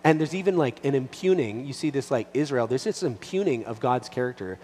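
A man, a pastor with a little boy, teaching from the Bible in a relaxed, conversational way, full of restarts and fillers. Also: medium pitch, brisk, slightly rough. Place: church hall. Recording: long reverb, faint hum behind.

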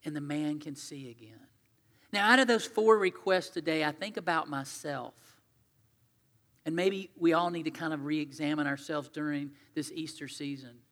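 Bright-voiced male pastor in a reverberant hall. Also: a little high, normal speed. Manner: conversational storytelling, swinging from loud to hushed. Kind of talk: sermon.

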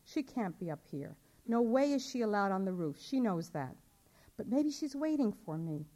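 A woman's voice: mid-range voice, very animated, normal speed, dark tone, natural voice. A woman voicing a worried young mother asking around for her missing daughter, polite and pleading. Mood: anxious. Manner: anxious, polite, pleading questions.

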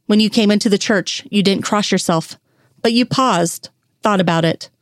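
A woman reading the lines of a calm, kindly middle-aged priest who speaks quietly and pleasantly. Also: mid-range voice, moderate pace, no echo, studio quality, natural voice. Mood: gentle.

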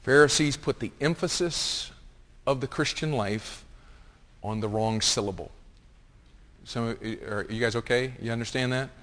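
A man preaching a sermon as pastor, swinging from hushed asides to loud, impassioned reading. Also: mid-range voice, measured pace. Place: church sanctuary. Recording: long reverb of a large hall.

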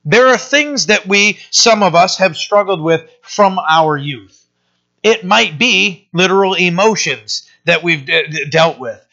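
A man's voice: sits high, a little slow, pushed and bright, highs cut off. A man preaching a sermon as pastor, earnest and plain-spoken, often restarting with fillers.

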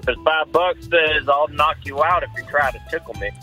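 A man's voice: fairly high pitch, moderate pace, pushed and bright, faint music behind, low-quality recording. A man playing a brash truck-loving male caller with a laid-back, cocky drawl.

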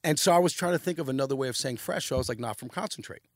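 A man's voice: medium pitch, rapid-fire, no room sound, clean studio sound. Profane New man telling stories. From New York. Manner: animated, profane, rambling storytelling. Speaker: podcast guest. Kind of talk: casual storytelling chat.

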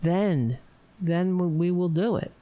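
An overtired woman hosting a livestream, rambling warmly to her viewers and signing off. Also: on the low side, takes it slowly, no echo. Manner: rambling, emotional, talks to viewers. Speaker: livestream host. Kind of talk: casual late-night livestream sign-off.

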